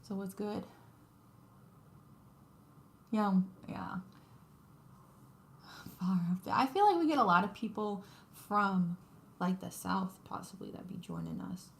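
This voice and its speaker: A woman's voice: mid-range voice, sing-song, slow pace, long pauses. A woman, chatting casually with her viewers on a craft livestream while she embroiders. She talks to her audience, laughs often and narrates her work as she goes.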